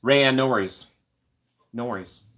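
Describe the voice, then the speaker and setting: A man's voice: medium pitch, a little slow, fairly bright tone. A young man hosting a casual live stream from the corner of his apartment, chatting in a friendly, rambling way and reading out viewer comments.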